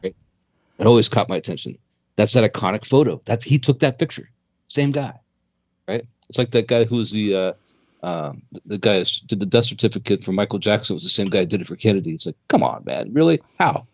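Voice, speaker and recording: A man co-hosting a casual talk radio show, talking in an animated way and pushing his voice up when he makes a point. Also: brisk, no echo. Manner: animated, jumps pitch when making a point. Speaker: co-host.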